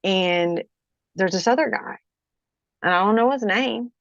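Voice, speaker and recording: Woman guest, mid-pitched, halting testimony with constant restarts and check-ins, dry slightly dull recording. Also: no room sound. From Kentucky, USA. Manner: halting, frequent restarts, keeps checking with "okay?". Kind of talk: personal testimony in interview.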